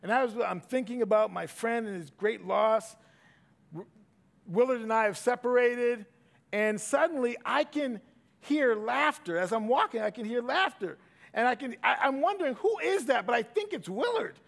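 Animated high-voiced male preacher. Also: moderate pace, vocal fry. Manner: animated, swings from loud emphasis to hushed asides. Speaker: pastor. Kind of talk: sermon.

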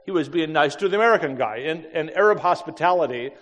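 A middle-aged man telling a personal story with lively energy, often laughing and acting out the voices of the people in it. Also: fairly high pitch, fast, highs cut off. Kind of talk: animated storytelling talk. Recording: long hall reverb.

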